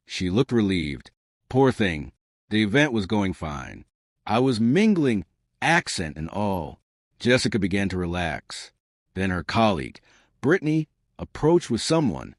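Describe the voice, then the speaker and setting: راوٍ رجل بنبرة ساخرة جافة. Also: male voice, fairly low pitch, sing-song, measured pace, no room sound, clean studio sound. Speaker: storyteller. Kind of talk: scripted first-person story narration.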